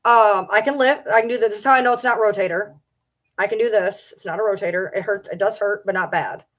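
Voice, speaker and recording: A woman's voice: medium pitch, fast, fairly bright tone. A young adult woman chatting casually on a livestream from home, rambling and joking about herself. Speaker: streamer.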